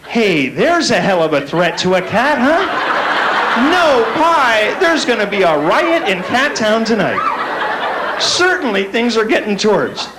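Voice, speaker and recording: A man's voice: high-pitched, wildly swooping pitch, moderate pace. A man performing a stand-up comedy set on a club stage, playfully acting out the voices of his characters. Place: comedy club stage before a laughing audience. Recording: live club recording with crowd noise.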